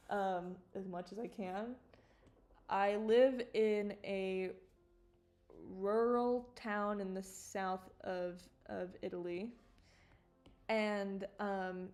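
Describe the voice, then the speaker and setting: A woman chatting casually on a live stream about her own work, animated and swearing, with mock outrage and quick laughs. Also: medium pitch.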